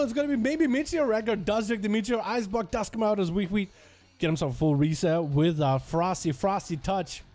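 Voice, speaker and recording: High-voiced excitable male game commentator. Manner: excitable, gung-ho, quick reactions.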